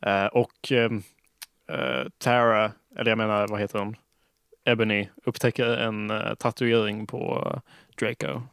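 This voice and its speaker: A man's voice: fairly low pitch, little pitch movement, moderate pace, creaky, a bit bright, clear, resonant tone, no echo, studio quality. A man bantering sardonically, with hesitant fillers. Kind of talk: casual banter.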